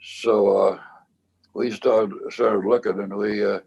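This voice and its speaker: A very old man reminisces about his band in a relaxed interview. His low voice is gravelly and husky. He rambles, stops and restarts his sentences as he tells his stories. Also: dull audio. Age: 90s. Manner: rambling, halting storyteller with many restarts. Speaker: bandleader and cornet player.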